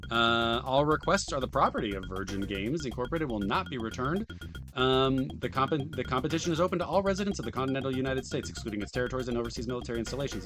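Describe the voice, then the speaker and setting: A man reading a video game manual aloud on a live stream, switching between playful mock-enthusiasm and dry, muttered side comments. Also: mid-range voice. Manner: reads in a mock-enthusiastic voice, then drops to dry muttered asides.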